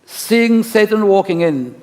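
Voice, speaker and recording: A man's voice: sits high, animated, measured pace, darkish tone. Male pastor preaching in a reverberant church. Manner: storytelling preacher with rhetorical questions. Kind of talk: sermon. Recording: long church-hall reverb.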